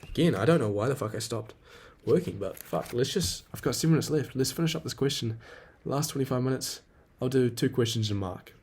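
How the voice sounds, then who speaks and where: This young podcast host, in his 20s, swears freely while rambling and venting in a casual solo monologue. His medium-pitched voice is expressive, a little mellow and slightly rough, coming a little fast with hardly any pauses.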